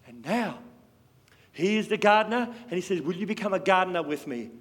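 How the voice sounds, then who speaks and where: A man preaching a sermon with passion, swinging between loud and hushed. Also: sits high, animated, fairly quick. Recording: long hall reverb.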